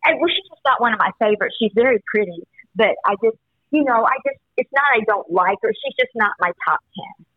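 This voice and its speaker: A woman, the host's mother, chatting casually as a guest and rambling warmly with frequent laughs. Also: on the high side, animated, fast, no room sound. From Missouri. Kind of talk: casual chat. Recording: dull phone-line sound.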